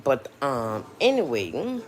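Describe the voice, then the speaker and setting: A woman's voice: very deep voice, sing-song, takes it slowly, background noise. A woman with a New Orleans accent chatting casually to her livestream viewers, drawling and dropping frequent mm-hmms. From New Orleans, Louisiana. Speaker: livestream host.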